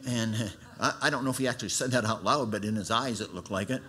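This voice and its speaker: Fairly low-pitched and quick, a middle-aged man shares his testimony in a sermon. He tells it like a folksy story, moving between loud emphatic bursts and quiet, earnest moments.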